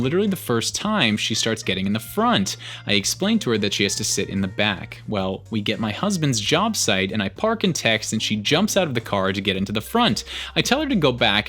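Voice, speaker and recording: A man reads online stories aloud with an animated, swooping delivery. His voice sits in the middle of the male range, and soft music plays underneath. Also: on the low side. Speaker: story narrator. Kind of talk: reading online posts aloud.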